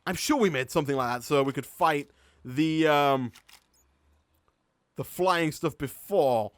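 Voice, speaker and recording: Streaming a game live, a man with a Yorkshire accent chats his way through, laughing often and thinking out loud. His voice sits a bit above typical male pitch and he's unhurried. The recording is close and dry, with almost no room sound.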